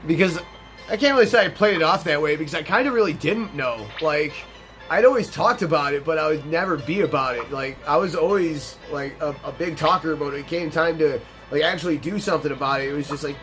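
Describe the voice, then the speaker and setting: A young man telling a workplace story in a blunt, profane, animated way, acting out the quoted dialogue. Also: fairly high pitch, brisk. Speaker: gaming channel host telling a story. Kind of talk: casual storytelling over gameplay. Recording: voice over loud game music.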